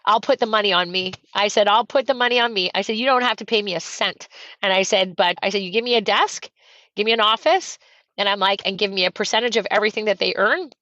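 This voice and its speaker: Lively woman guest from Canada, animated storyteller, slightly dull, dry podcast sound. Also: mid-range voice, no room sound. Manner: animated, fast storytelling with acted-out quotes. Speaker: real estate coach, guest. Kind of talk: energetic storytelling interview.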